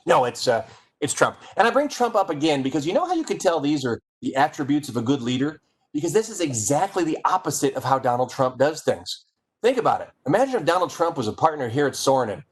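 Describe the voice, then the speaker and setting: A man giving a playful, energetic comic presentation and speaking straight to his audience. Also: a little high, fast. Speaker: keynote speaker. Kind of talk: comedic presentation.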